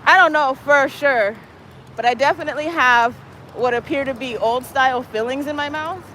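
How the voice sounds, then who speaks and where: On a city street, a woman livestreams mid-walk in a high, bright, forceful voice at a moderate pace. She meanders, curses freely, and baby-talks her cat, all over a rough recording with a little hiss or hum.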